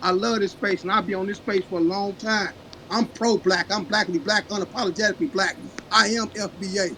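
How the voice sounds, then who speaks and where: A man's voice: sits high, fairly even intonation, fairly quick, bright, forceful tone, a little hiss or hum, poor audio. Impassioned man in his fifties. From Oklahoma, USA. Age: 50s. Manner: impassioned, emotional. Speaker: caller. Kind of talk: casual chat.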